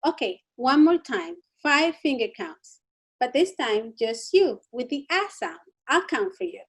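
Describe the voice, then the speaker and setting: A woman's voice: sits high, very animated, a little slow. A woman teaching a children's drama lesson, encouraging and playful.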